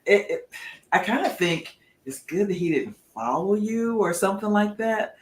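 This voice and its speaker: A woman's voice: mid-range voice, lively intonation, moderate pace. Questioning middle-aged woman in an echoey room. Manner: reacts with sympathy, asks many questions. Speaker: podcast co-host. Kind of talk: casual chat.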